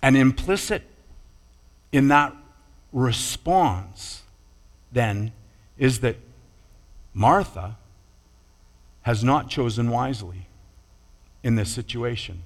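A man preaching a sermon in a measured, deliberate way, pausing and restarting now and then. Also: medium pitch, lively intonation. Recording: long hall reverb.

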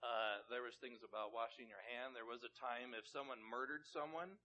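A man's voice: medium pitch, fairly even intonation, normal speed, bright, forceful tone, dull audio, slight background noise. A man preaching a sermon in a plain, conversational way, asking his listeners questions. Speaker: pastor.

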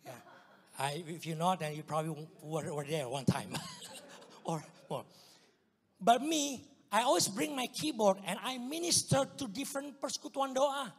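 A man with an Indonesian accent telling his testimony in a church, in a storytelling manner that swings from hushed to loud outbursts. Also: high-pitched, expressive, normal speed, breathy edge, in a large hall. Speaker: guest speaker giving testimony. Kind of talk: sermon testimony.

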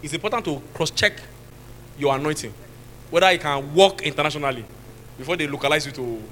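A man with a Nigerian accent preaching a sermon as pastor, now and then shouting and laughing with the congregation. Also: fairly high pitch, fairly quick, a little hiss or hum, low-quality recording.

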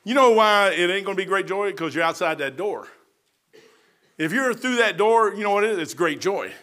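A middle-aged man preaching a sermon. He moves between loud, shouted passages and soft, low stretches. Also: expressive, moderate pace.

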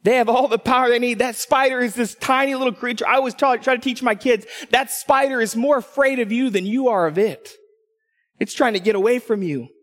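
A man with a high voice preaches from a church stage, telling stories and acting out the people in them. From Texas, he slips into voices for quotes. The sound carries with a long hall reverb. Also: brisk. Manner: animated storytelling, acting out quotes. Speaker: pastor. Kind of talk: sermon.

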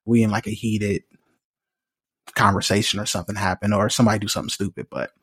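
A man co-hosting a podcast in casual chat, telling animated stories and laughing often. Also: fairly low pitch, fast talker, breathy edge, dry recording, studio quality. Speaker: podcast co-host.

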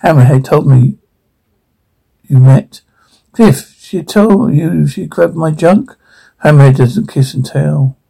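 A man speaking TV drama dialogue in a weary, gruff way, with a gravelly, husky voice. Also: on the high side, slow, long pauses, warm tone, heavily acted.

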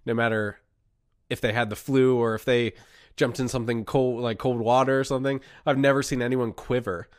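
Young male co-host, remote call, dry and close, animated storyteller acting out the quotes. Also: medium pitch, brisk, no room sound. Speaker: podcast co-host. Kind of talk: casual chat, telling a personal ghost story.

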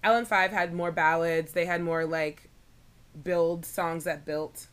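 Bright-voiced chatty young woman. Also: fairly low pitch, fairly even intonation, unhurried, clear, resonant tone. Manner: chatty, giggly, many fillers. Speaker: podcast co-host. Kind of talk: casual chat.

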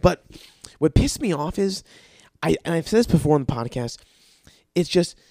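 A man's voice: fairly high pitch, moderate pace, dry recording. Male podcast host, crude and rambling storyteller, dry recording. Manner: profane, rambling, animated. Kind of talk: casual storytelling monologue.

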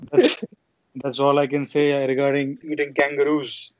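Chatty young man, fairly high voice. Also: fairly even intonation, measured pace, no echo. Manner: meandering, chatty explanations. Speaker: podcast co-host. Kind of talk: casual chat. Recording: dull lo-fi sound.

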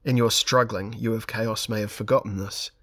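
A man's voice: on the low side, fairly even intonation, moderate pace, pushed and bright. A man reading aloud and voicing a nervous but brave male companion with a quavering tone. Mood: earnest. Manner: quavering, earnest.

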